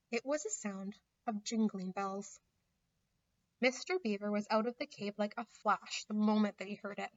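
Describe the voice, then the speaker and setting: A woman reading a children's storybook aloud in a gentle, measured narration. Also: mid-range voice. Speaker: reader. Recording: slightly muffled recording.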